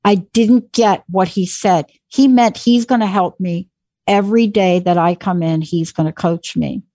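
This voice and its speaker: A woman in her forties, a guest speaker telling an animated, motivational story. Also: fairly low pitch, a little slow, no echo. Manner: animated, acts out quoted voices.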